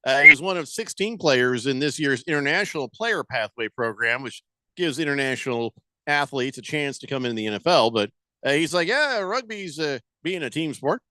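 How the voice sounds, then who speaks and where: A man's voice: mid-range voice, animated, brisk, pushed and bright, smooth, no echo. A man hosting sports talk radio, chatting casually and joking around with playful exaggeration.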